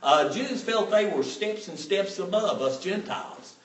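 A man preaching a sermon from a little way off the mic, so his voice carries the echo of a large room. His pitch swings widely as he stresses his points, and he hammers them home by repeating short commands. His voice sits a little higher than most men's. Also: lively intonation, a little slow, far from the mic. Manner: emphatic, repeats phrases for stress.

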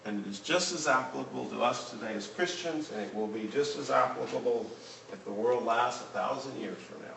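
A man's voice: mid-range voice, a little fast, vocal fry, fairly bright tone, slight background noise. A man teaching a Bible class in an earnest tone, reading scripture aloud to the group. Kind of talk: Bible lesson. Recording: roomy room, mic at a distance.

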